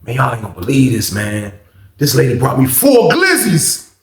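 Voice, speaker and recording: A man telling a storytime vlog story in casual slang, animated and getting louder when excited. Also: mid-range voice, normal speed, roomy sound, a little hiss or hum. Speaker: storytime vlogger.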